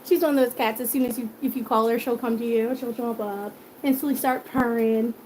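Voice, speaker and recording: A woman's voice: fairly high pitch, fairly even intonation, brisk, a little mellow, slight background noise. A middle-aged woman hosting a cooking live stream, chatting casually, laughing often and answering viewer comments. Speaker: cooking channel host.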